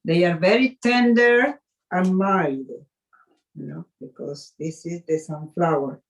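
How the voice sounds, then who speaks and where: A woman chef leading a live cooking demonstration, speaking haltingly with fillers and restarts, an English speaker. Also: lowish voice, low-quality recording.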